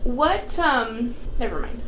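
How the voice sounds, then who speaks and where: An excitable young woman co-hosts a casual movie podcast, with a fairly high voice that jumps into exclamations and swears freely. She is recorded in an echoey room with faint background noise. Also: takes it slowly. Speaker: podcast co-host. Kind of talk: casual movie-watching chat.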